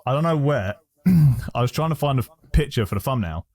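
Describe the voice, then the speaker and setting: A man co-hosting a podcast, telling stories in animated casual chat and laughing often. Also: mid-range voice, fairly quick, dry recording. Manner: animated storytelling, laughs a lot, swears. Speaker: podcast co-host.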